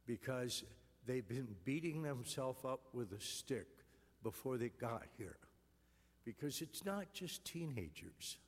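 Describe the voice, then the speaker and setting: A man, a priest, giving an earnest, gentle homily in a church. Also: medium pitch, animated, slow pace, long reverb tail.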